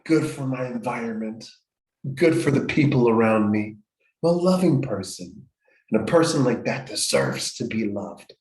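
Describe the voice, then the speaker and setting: A man's voice: medium pitch, animated, moderate pace, a little mellow. Man guiding a healing session, echoey room. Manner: step-by-step, repetitive, frequent restarts. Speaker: healing workshop host. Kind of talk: guided healing instruction.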